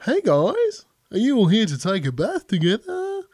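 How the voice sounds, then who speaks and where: A cheerful, bossy Australian receptionist, as a man puts her on, leaping high and bright. She herds her guests along in a shrill, sing-song voice. The sound is close and dry. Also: huge pitch swings, normal speed, dry recording, full character voice. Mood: chirpy bossy. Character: chirpy Australian female receptionist.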